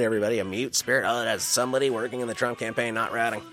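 A man's voice: mid-range voice, very fast, few pauses, fairly bright tone, soft background music. A man reading Bible passages aloud and breaking in with slangy, joking asides. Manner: wisecracking, slangy asides between scripture lines. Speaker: scripture reader and commentator.

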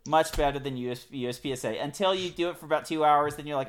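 A man co-hosting a casual podcast chat, enthusiastic and joking, often trailing off quietly at the ends of sentences. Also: a little high, fast. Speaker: podcast co-host.

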